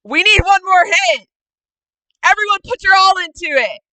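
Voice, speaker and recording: A woman's voice: medium pitch, lively intonation, takes it slowly, bright, forceful tone, clean tone, no room sound, heavily acted, rough recording. A woman voicing a reluctant young man in a tabletop game. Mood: urgent. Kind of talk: acting out a tabletop game character.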